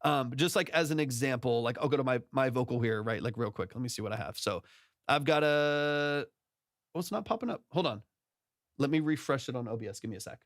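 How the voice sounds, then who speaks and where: A man's voice: mid-range voice, lively intonation, brisk, no room sound. Casual male producer, dry close mic. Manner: loose, filler-heavy, demonstrating into his own mic. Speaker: music producer giving mix feedback. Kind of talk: casual livestream tutorial. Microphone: studio vocal mic through plugins.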